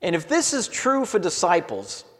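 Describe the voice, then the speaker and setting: A man with a high voice preaches an earnest sermon, his phrases often falling away softly at the ends. His voice rings out in a church hall with a long reverb tail. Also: wildly swooping pitch, moderate pace. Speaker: pastor.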